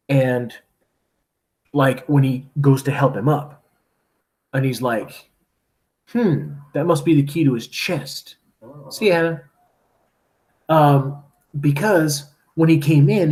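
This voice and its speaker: A man's voice: medium pitch, a little mellow. Chatty man retelling a story to a class. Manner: chatty, lots of "like" and "right?". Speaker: teacher. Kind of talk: casual storytelling to students.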